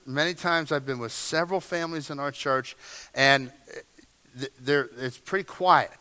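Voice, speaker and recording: A male pastor preaching with emphatic delivery, dropping to a hush and then rising again. His voice sits a little high and has a bright, forceful edge. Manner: emphatic preaching, swinging from hushed to loud. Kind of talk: sermon.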